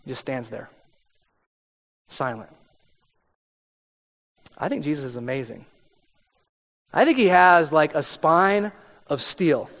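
With a slightly high, fairly bright voice and lively intonation, a pastor preaches slowly and pauses often, reading and explaining scripture conversationally. He acts out the story's figures with growing intensity, all heard through long hall reverb.

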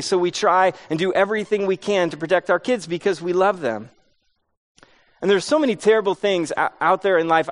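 A man preaching a sermon, mixing earnest points with funny, self-deprecating stories about his kids. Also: a little high. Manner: storytelling with self-deprecating humor. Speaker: pastor.

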